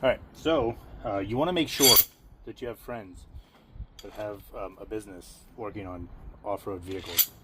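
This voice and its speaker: A man's voice: lowish voice, normal speed, heavy background noise. A man chatting self-mockingly while working on his vehicle, out of breath from the effort, recorded on a camera mic outdoors. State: out of breath from work. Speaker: home mechanic vlogger. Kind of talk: casual workshop commentary. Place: outdoor driveway garage.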